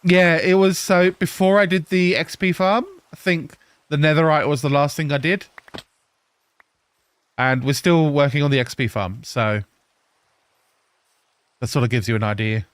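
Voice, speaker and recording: A man in his thirties from England with an English accent softened by Australian, chatting casually with viewers while playing a game live. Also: on the high side, steady tone, moderate pace, pauses often, clean tone, dry recording. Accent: English mixed with Australian. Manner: chatty, answers viewers, laughs often. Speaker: live streamer. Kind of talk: casual live-stream chat while gaming.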